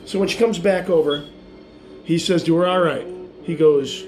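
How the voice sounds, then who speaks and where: A man telling a long bar joke in a rambling, filler-heavy way, getting louder and more animated as he goes. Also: moderate pace. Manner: rambling storytelling with many fillers, growing louder and higher toward the punchline. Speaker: joke teller.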